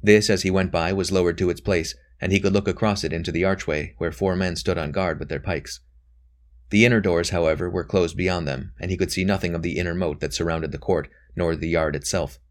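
An audiobook narrator with a deep voice reads a novel aloud. His scripted narration is measured and even.

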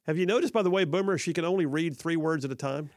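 A man's voice: fairly high pitch, fast, no room sound. A man hosting a talk radio show, delivering an emphatic, sarcastic opinion monologue that repeats for effect.

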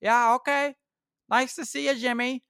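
A man voicing an exaggerated, folksy Wisconsin local man with a put-on Upper Midwest accent and a sing-song, drawn-out manner. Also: very high-pitched, little pitch movement, bright, forceful tone, smooth, no echo, clean studio sound, pitched above the performer's own voice, exaggerated voice. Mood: jolly.

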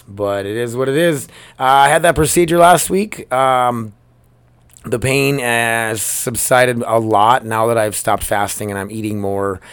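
A man's voice: medium pitch, fairly bright tone, clean tone, no room sound. A man hosting his own podcast solo, talking in a loose, rambling and upbeat way from a storage room at work. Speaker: podcast host. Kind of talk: casual solo podcast chat. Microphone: laptop microphone.

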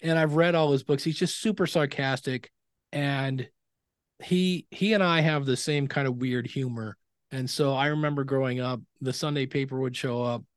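A middle-aged man talks as a guest in a casual interview. He tells stories with energy and slips into the voices of people he quotes. His voice sits at a middle pitch, and the recording is dry and close. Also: moderate pace, clean tone, no echo. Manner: animated storyteller who acts out quoted dialogue. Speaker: podcasting expert guest.

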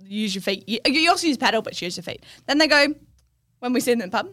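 A woman's voice: on the high side, quick pace, dry recording, studio quality. A young woman, co-hosting a casual podcast and telling stories with lots of laughter and acted-out quotes. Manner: animated storyteller, laughs often, acts out quotes. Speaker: podcast co-host. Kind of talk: casual chat.

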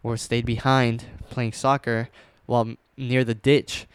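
A young man casually telling a scary personal story, rambling with fillers and restarts, dropping to a hush at tense moments. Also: mid-range voice, little pitch movement, measured pace, clear, resonant tone, no room sound.

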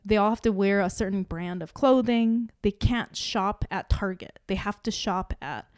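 A woman co-hosting a podcast, chatty and animated, piling up asides and fillers as she talks. Her voice sits at a middling pitch, recorded close and dry with no room sound. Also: moderate pace, smooth, no echo. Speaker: podcast co-host. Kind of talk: casual chat.

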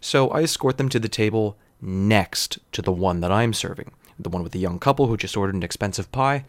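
A man in his thirties telling a comedic story with wry, digressive deadpan asides. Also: lowish voice, a little fast, dry recording. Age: 30s.

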